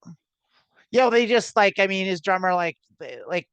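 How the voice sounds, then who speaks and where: In casual podcast conversation, an American trans woman co-host rambles, uses lots of filler, laughs a lot, and swears freely. Her mid-range voice is clear and resonant at a moderate pace, though the dry recording sounds dull.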